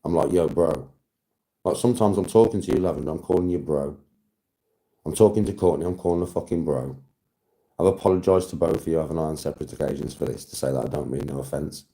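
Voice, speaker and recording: A man's voice: very deep voice, fast talker, warm tone. A man live-streaming, chatting to his viewers in casual banter, laughing often and swearing freely.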